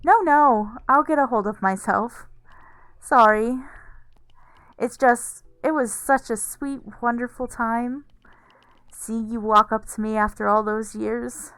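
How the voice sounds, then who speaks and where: A woman's voice: fairly high pitch, fairly bright tone, smooth, no room sound. A woman reading aloud the lines of a game villager who is overwhelmed with joy and apologizing for crying. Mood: tearful. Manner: emotional, apologetic, halting.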